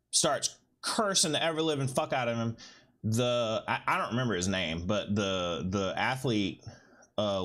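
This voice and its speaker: A man, casually telling a profane story to his livestream. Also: mid-range voice. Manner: profane, animated anecdote-telling with quoted voices. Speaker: livestream host.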